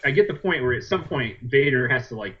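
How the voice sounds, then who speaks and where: A man's voice: medium pitch, expressive, fairly quick. A man co-hosting a podcast in casual chat, rambling through a plot retelling with lots of fillers. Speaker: podcast co-host. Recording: dull lo-fi podcast recording.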